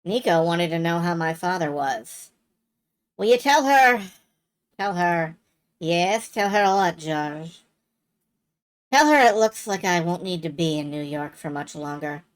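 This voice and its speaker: A woman's voice: fairly low pitch, animated, unhurried, pauses often, smooth. A woman voicing an impatient young male journalist in a comic reading.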